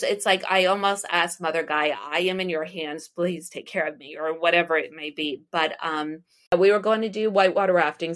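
Rambling woman telling stories, low voice. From United States. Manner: rambling, with frequent restarts and laughs. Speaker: interview guest, astrologer and psychic medium. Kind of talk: casual storytelling interview.

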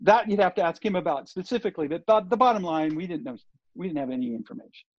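A man's voice: high-pitched, lively intonation, quick pace, no echo. An older man, a guest on an interview show, telling a story in a loose, rambling way with lots of fillers and restarts. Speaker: interview guest, surf TV producer. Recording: dull lo-fi dry recording.

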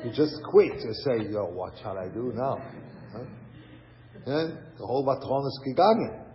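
A man's voice: medium pitch, very animated, moderate pace. An older man giving a conversational lecture on raising children, often asking rhetorical questions and mixing in Hebrew and Yiddish terms. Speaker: rabbi and lecturer. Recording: dull lo-fi recording in a hall.

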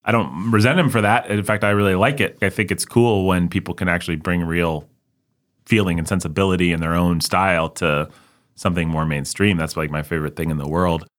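A man hosting a podcast in casual chat, rambling and animated, jumping between voices as he talks. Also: low voice, a little fast. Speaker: podcast host.

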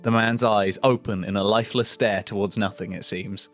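Podcast guy reading a goofy script out loud, stumbles on clunky lines, faint music underneath. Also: on the low side, fairly even intonation, moderate pace. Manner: dry read-aloud, stumbling over awkward phrasing. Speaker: podcast co-host. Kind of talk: reading an AI-written script aloud for comedy.

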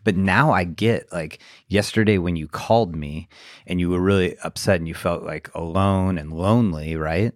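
A man co-hosting a podcast, talking in a reflective, halting way with lots of fillers. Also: low voice, no room sound, studio quality. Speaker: podcast co-host. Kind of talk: casual podcast chat.

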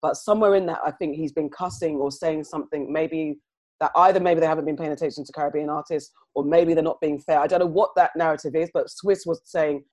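A woman's voice: low voice, steady tone, fast, a little mellow. A woman co-hosting a podcast, chatting casually and thinking aloud with many asides. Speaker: podcast co-host. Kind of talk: casual chat.

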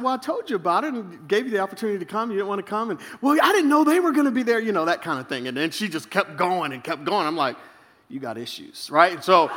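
A bright, high-pitched man preaching in a hall with a long reverb tail. He tells stories with lively jumps in pitch, acting out what people said. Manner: animated storytelling, acts out quotes with big pitch jumps and laughs. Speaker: pastor. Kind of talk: sermon.

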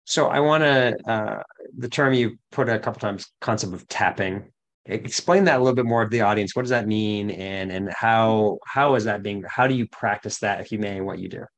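Brief: male podcast host, halting questions, voice somewhat low. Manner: halting, repeating words as he asks. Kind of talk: interview questions.

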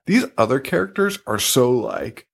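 A young man co-hosting a podcast in casual chat, animated and jokey, swearing freely and slipping into mock voices. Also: mid-range voice, moderate pace, vocal fry, breathy edge. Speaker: podcast co-host.

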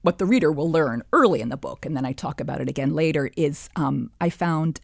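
A woman in her sixties, an author and historian, telling her story in a measured, reflective way during an interview. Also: sits low, expressive, vocal fry, dry recording, studio quality. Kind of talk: interview conversation, reading from her childhood diary.

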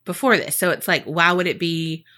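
A woman's voice: lowish voice, fairly even intonation, moderate pace, bright, forceful tone. A woman co-hosting a podcast, casually retelling a true-crime case with profanity and playful acted-out quotes. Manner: chatty and profane, acts out quotes in funny voices. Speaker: podcast co-host.

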